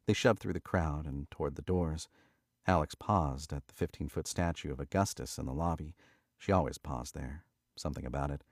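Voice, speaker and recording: Male thriller narrator, measured, deep, dry close studio sound. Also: no echo. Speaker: audiobook narrator.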